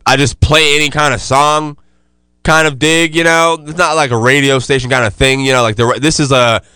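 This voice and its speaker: Man, podcast host, bright and clear voice, dry close sound, relaxed slangy talk. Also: medium pitch, normal speed, dry recording. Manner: laid-back, loose slangy delivery with many fillers. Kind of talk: casual podcast chat.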